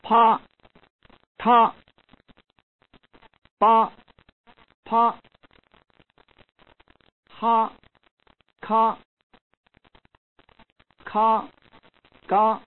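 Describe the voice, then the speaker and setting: Woman slowly reading pronunciation drills. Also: a little high. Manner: slow, deliberate syllable-by-syllable reading. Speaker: language instructor. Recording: tinny lo-fi old tape.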